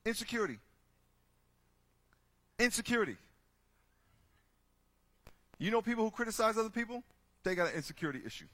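Male speaker, lively and dramatic, slightly high voice, dry close mic. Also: fairly quick, pauses often, no room sound. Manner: lively, acts out characters with loud shouting bursts. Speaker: speaker teaching a group. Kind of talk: animated storytelling talk.

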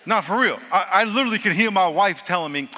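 A male pastor preaching a storytelling sermon to a live audience, animated and acting out dialogue in a raised voice. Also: sits high, fast talker. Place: large church hall with a live audience. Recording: live hall reverb, faint room noise.

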